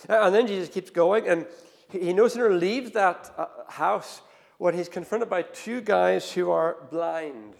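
Gravelly preacher in a reverberant hall. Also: male voice, high voice, unhurried. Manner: animated storytelling, swings from hushed to loud. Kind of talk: sermon.

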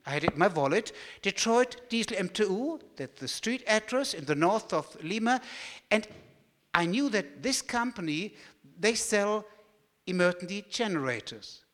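A man with a German accent telling a story as he gives a talk, lively and animated. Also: sits high, moderate pace, long reverb tail. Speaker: speaker giving a talk.

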